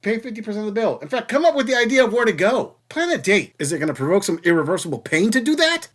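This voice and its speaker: A man hosting a reaction commentary channel, talking in a sarcastic, mocking way. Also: sits high.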